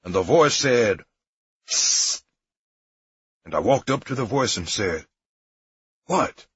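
A man voicing a grandiose preacher who declaims slowly and solemnly. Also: medium pitch, expressive, breathy edge. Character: grand, booming preacher telling a comic tale. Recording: dry, dull lo-fi recording.

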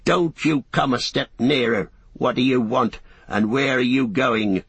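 A man's voice: mid-range voice, measured pace, a bit bright, husky, no echo. A man voicing a blunt, kindly hobbit farmer with a plain country way of talking, in an audiobook. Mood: challenging. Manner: country dialect, plain-spoken. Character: gruff rustic middle-aged hobbit farmer, blunt and kindly. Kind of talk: audiobook character voice.

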